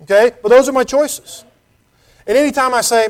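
Male preacher with a high voice, earnest and chatty in the pulpit, reads scripture aloud, keeps asking the room questions. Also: quick pace. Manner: earnest, conversational, with rhetorical questions; reads scripture in King James wording. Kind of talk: sermon.

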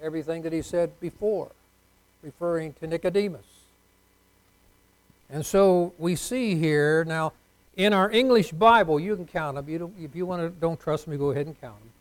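A man preaching a sermon, leading the congregation in call-and-response and swinging between soft asides and loud, emphatic lines. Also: on the high side, moderate pace, rough recording. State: unwell.

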